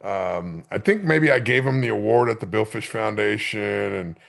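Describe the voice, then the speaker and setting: Male podcast host, gravelly, animated, stammering storyteller. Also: on the low side, normal speed. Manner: animated storyteller, swears casually, stammering restarts. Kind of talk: casual interview chat. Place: podcast studio.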